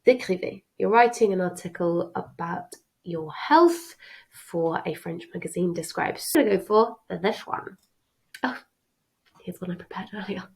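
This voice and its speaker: A woman's voice: lowish voice, normal speed, creaky, a little mellow, a little hiss or hum, low-quality recording. A woman French teacher giving a chatty, reassuring exam revision lesson.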